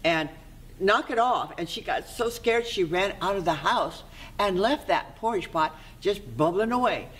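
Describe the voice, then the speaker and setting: A library volunteer telling a fairy tale aloud in an expressive way, sometimes dropping to a soft whisper. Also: medium pitch, normal speed, rough recording.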